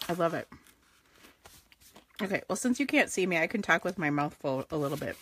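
A woman's voice: low voice, animated, brisk, a bit bright, a little hiss or hum. Chatty woman hosting a craft live stream. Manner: chatty, rambling, laughs often. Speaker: stamping and card-making host.

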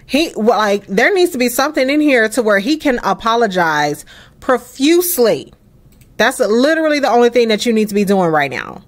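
A woman hosting a casual let's play, chatty and expressive, cursing and laughing at the game's drama. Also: a little high, normal speed. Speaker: gaming channel host.

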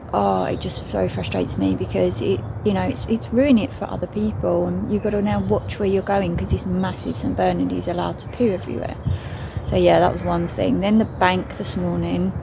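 A woman's voice: medium pitch, creaky, background noise. A British woman from the UK chatting casually and rambling with fillers as she reads an angel card for her vlog. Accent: British English. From United Kingdom.

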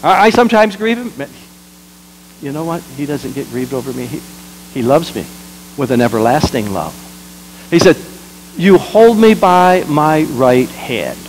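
Animated pastor preaching with big swings. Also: male voice, on the high side, a little slow, long pauses, a little hiss or hum, rough recording. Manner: dramatic swings between loud exclamations and quiet asides; leads the congregation in call-and-response. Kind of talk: sermon.

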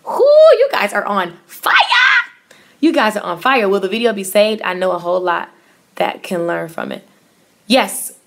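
A woman's voice: medium pitch, fairly bright tone. A woman in her thirties who coaches hair stylists, chatting casually on a live stream, reading viewer comments aloud with upbeat, effusive encouragement.

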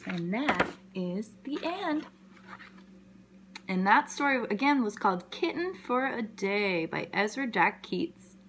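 A woman educator reading a picture book aloud to young children, telling the story gently and expressively and adding sound effects. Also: mid-range voice, very animated, takes it slowly, slight background noise.

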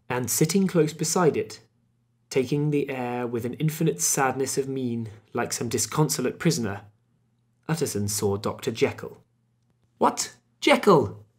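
A man narrating a classic novel as an audiobook in a measured, steady way. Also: medium pitch.

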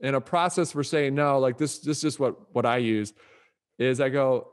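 Middle-aged man, upbeat and motivational, mid-range voice; podcast guest author. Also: medium pitch. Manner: upbeat, motivational, brisk delivery. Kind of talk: podcast interview.

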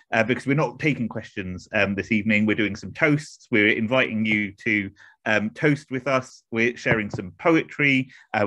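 Hesitant English man, lowish voice. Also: a bit bright, no echo. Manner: hesitant, self-deprecating. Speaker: host of an online academic event. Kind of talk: informal introductions on a video call. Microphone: computer mic on a video call.

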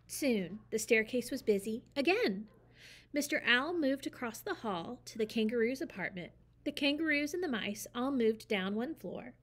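Female storyteller, expressive read-aloud of a picture book; slightly high voice, animated. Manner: lively, expressive reading.

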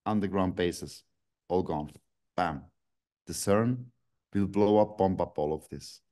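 A man's voice: low voice, slow, warm tone. Ranting man on a video call. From Switzerland. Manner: angry, ranting, swearing, with sudden outbursts. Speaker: guest. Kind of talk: online video call interview.

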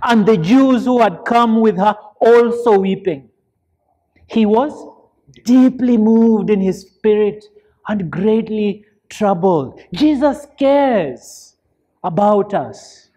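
Deacon guy teaching bible study, talks real slow, earnest, keeps asking the room questions. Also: high voice, lively intonation, dark tone. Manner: asks the listeners fill-in questions; earnest, emphatic preaching.

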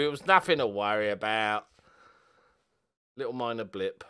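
A young man giving a football video game live commentary, excitable and sweary, moving between quiet muttering and loud outbursts. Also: on the low side, moderate pace, smooth. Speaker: gaming video host.

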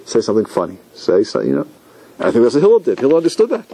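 A rabbi teaching a class, telling stories with lively acted-out quotes and asking his listeners questions. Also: medium pitch, very fast, husky, rough recording. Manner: animated storytelling, asks the audience questions, acts out quotes. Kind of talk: lecture to a class.

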